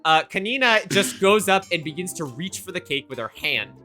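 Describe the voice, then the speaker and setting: A woman's voice: fairly low pitch, lively intonation, moderate pace, bright, forceful tone, faint music behind. A woman narrating a tabletop game as game master, casual and loose with lots of fillers. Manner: casual, many fillers, laughs often.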